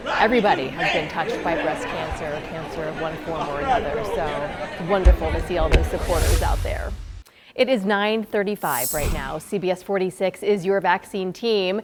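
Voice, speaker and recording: A woman's voice: on the low side, normal speed, loud music behind the voice, over a noisy crowd. A woman anchoring morning news in a studio, with conversational handoffs.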